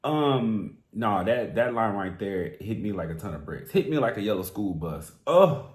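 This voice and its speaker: A man hosting a music reaction, talking straight to the singer in a theatrical, animated way. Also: fairly low pitch, normal speed, roomy sound. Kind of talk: casual song reaction commentary.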